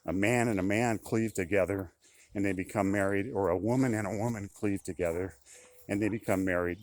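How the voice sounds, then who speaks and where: Pitched on the low side with a darkish tone, the older man delivers a conversational commentary monologue, circling back over the same points and getting indignant.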